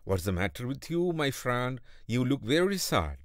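Storybook monkey, cheerful and quick-witted, voiced by a man, lively lilt. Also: medium pitch, no echo, clean studio sound, pitched above the performer's own voice, natural voice. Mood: friendly, alarmed.

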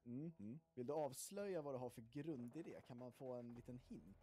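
A man's voice: mid-range voice, animated, a little fast, warm tone, slight background noise. A man chatting casually while gaming, hesitant with fillers.

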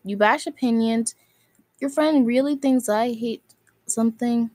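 A woman with a high voice rants straight to camera, scolding and hurling insults. She keeps looping back to the same stock phrases. The sound is dry, with no room around it. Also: a little slow, a little mellow, no echo. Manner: scolding, insulting, repeats itself. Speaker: video maker. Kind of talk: angry rant to camera.

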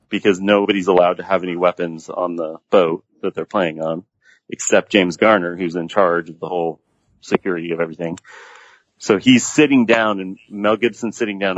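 A man's voice: sits low, no echo. A man on a podcast who casually and animatedly retells movie scenes at length. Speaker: podcast guest. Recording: dull lo-fi audio.

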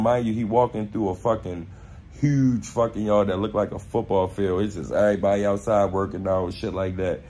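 Young man, Baltimore accent, casual storytime, profane slang, low voice, faint noise behind. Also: moderate pace. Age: young adult. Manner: animated, profane street slang, acts out quotes.

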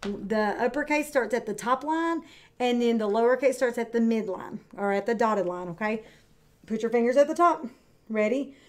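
A woman teaching kindergarten, speaking slowly and clearly with encouraging, drawn-out words for young children. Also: a little high. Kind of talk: read-aloud lesson for young children.

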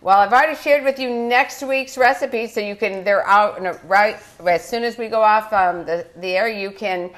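A woman's voice: mid-range voice, moderate pace, few pauses, a bit bright. An older woman hosting a live children's cooking show, chatty and encouraging, laughing often.

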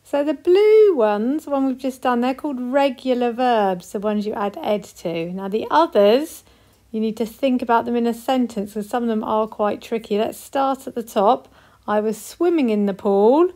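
British woman, primary teacher, patient and encouraging, models sentences slowly. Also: fairly high pitch, dark tone. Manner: slow, clear, encouraging, models example sentences. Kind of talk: recorded classroom lesson for young children.

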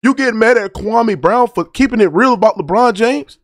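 High-voiced man ranting about sports. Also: lively intonation, moderate pace, hardly any pauses, dry recording, clean studio sound. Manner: heated, preachy, repeats "right?". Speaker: sports debate host. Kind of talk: reaction commentary.

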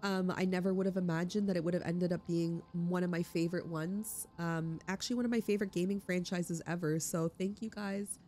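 A woman's voice: fairly low pitch, fairly even intonation, a little fast, hardly any pauses, warm tone, soft background music. A young woman hosting a game playthrough, chatting in an emotional, enthusiastic way with plenty of fillers. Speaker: let's play host. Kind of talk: gaming commentary and wrap-up.

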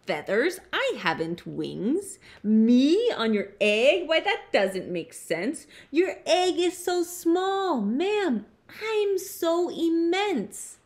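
A woman voicing a gentle, faithful male elephant in a storybook read-aloud. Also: sits high, very slow, hardly any pauses, voice pushed up, full character voice. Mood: earnest. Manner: earnest, steady.

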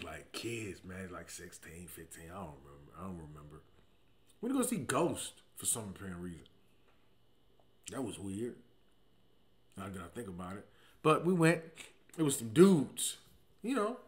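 A man in his forties telling comic stories in a slangy, profane monologue, swinging between loud emphatic bursts and low muttered asides. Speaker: comedian. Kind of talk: comedic storytelling monologue.

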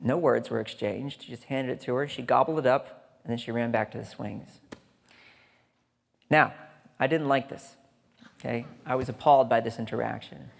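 A man with a medium-pitched, creaky voice speaks at a normal speed with fairly even intonation and long pauses. He's a conference speaker on a large lecture hall stage, delivering a humorous, chatty talk full of jokes and asides to the audience, and the recording carries hall reverb.

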